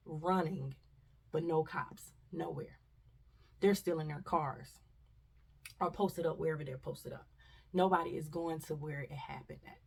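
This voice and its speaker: Gravelly, husky woman telling a story. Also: low voice, recorded from a distance. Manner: animated storyteller, acts out voices, drops to whispers. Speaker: vlogger. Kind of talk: casual storytime.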